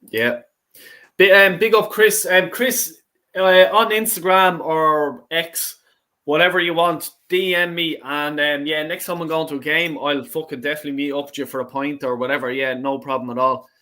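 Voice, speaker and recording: An excitable Irish man hosting a football fan call-in, with a raised voice and a bright, tense edge to it. His speech is loose and rambling, full of swearing and fillers. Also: fairly high pitch, moderate pace. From Ireland. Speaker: host. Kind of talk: casual fan call-in chat.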